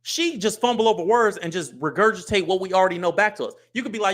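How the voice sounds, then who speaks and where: A man's voice: high voice, expressive, fast talker, fairly bright tone. A married man hosting a livestream, giving blunt and emphatic casual commentary and repeating his points. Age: adult, married. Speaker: livestream host.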